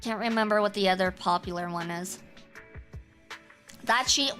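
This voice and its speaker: A woman's voice: mid-range voice, normal speed, pauses often, fairly bright tone, faint music behind. A woman streamer chatting casually with her viewers, teasing and self-assured. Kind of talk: casual chat with a live chat.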